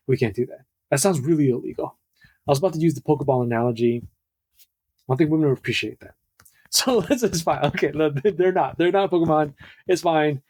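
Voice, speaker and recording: A man's voice: a little high, a little mellow, husky. A young man hosting a podcast, rambling in a casual, jokey way that keeps interrupting itself. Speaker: podcast host.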